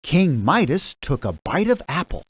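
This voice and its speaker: A woman narrating a children's storybook game in a slow, scripted reading voice. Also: deep voice, slightly rough, no echo. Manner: very slow, lively reading with acted quotes.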